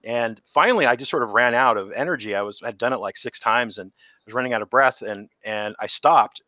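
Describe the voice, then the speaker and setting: A man's voice: mid-range voice, a little fast, no room sound. A middle-aged man telling stories from creature suit work in a casual interview, acting out the quotes. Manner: animated storyteller, acts out quotes.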